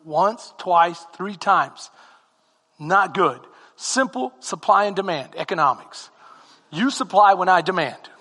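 Male pastor, very high voice, bright and forceful tone, animated comic storytelling, long hall reverb. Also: takes it slowly. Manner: animated, comic, bursts into shouting. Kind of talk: humorous storytelling sermon.

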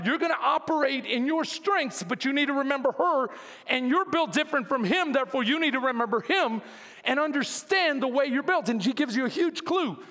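A male pastor preaching a sermon in a church, talking in an animated, conversational way and calling out to his congregation. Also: very high voice. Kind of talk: lively sermon. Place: church sanctuary. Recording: long reverb of a church hall.

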